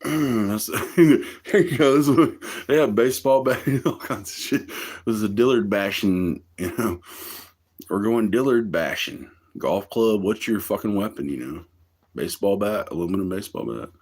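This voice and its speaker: A man talks loosely on his livestream, cursing freely and breaking into laughter as he rambles. His voice sits low and husky. His pitch jumps around animatedly. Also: expressive, moderate pace, darkish tone. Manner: profane, laughs often, drawling storytelling. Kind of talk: rambling casual livestream chat.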